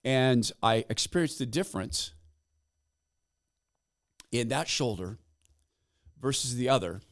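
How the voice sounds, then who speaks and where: Lively middle-aged male podcast host. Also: medium pitch. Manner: animated storyteller, acts out quoted people. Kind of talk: casual storytelling monologue.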